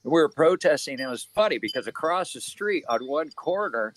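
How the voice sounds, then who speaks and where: A man from Hawaii, a protest organizer, telling stories in an animated, casual way on a video call. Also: a little high, normal speed, slight background noise. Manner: animated storyteller, chants loudly when retelling. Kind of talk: casual livestream chat.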